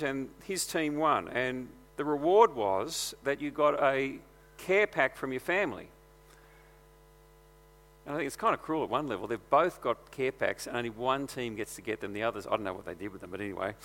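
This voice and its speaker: A man's voice: mid-range voice, brisk, a bit bright, in a large hall. A man preaching a sermon in a conversational, earnest way, mixing personal stories into his teaching.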